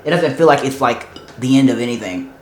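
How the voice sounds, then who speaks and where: A man chats excitedly to camera about the book he's reading, his voice sitting in the middle of the range. He gushes and piles up "like" and "y'all" as he goes. The room around him rings a little. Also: medium pitch, a little fast, very noisy. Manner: gushing, excitable, heavy use of "like" and "y'all". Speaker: book vlogger. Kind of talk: casual reading vlog. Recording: roomy echo.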